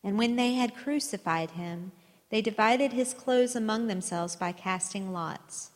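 A woman reading scripture aloud in a church service in a steady, even manner. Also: mid-range voice, unhurried. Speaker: scripture reader. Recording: long church reverb.

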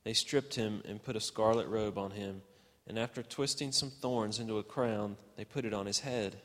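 Low-voiced man reading scripture deliberately. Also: a bit bright. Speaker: scripture reader. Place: church. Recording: long church reverb.

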